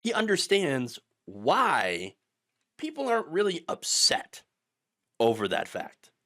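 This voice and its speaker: A sarcastic middle-aged man hosts a political commentary rant. His slightly high voice swings widely in pitch as he scoffs at his targets. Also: wildly swooping pitch, takes it slowly, pushed and bright. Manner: sarcastic, mocking voices of opponents.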